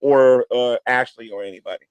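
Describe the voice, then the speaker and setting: A man's voice: mid-range voice, steady tone, a little fast, clear, resonant tone, dry recording. A man with a New York accent hosting a livestream, talking bluntly and combatively and repeating his points. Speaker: livestream host. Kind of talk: heated livestream talk.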